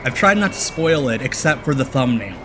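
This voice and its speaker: Sarcastic stream host, lively pitch. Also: male voice, brisk, over music. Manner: sarcastic, joking asides. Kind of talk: live reaction commentary.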